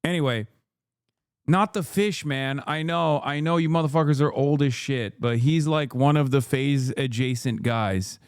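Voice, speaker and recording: A man's voice: mid-range voice, unhurried, smooth, no room sound, clean studio sound. A man streaming, reacting to a clip in casual, profane commentary, rambling with restarts and asides to his chat.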